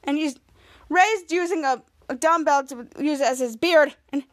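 Speaking unhurriedly in a high voice, a woman hosts a podcast where she recaps a TV episode casually. Her retelling rambles, with frequent restarts and lines she acts out.

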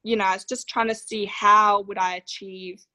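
A woman in her thirties with an Australian accent tells her personal story as a podcast guest in a conversational storytelling interview, heartfelt and emotional with many fillers. Her mid-range voice is sharp-toned with little pitch movement and a moderate pace, in a rough recording with no echo.

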